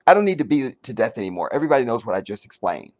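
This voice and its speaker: A man hosting his own commentary channel, talking in a casual, animated way and checking that the viewer is following. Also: mid-range voice, very fast. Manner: animated, talks straight to the viewer, asks if they follow; searches for words, many restarts and fillers.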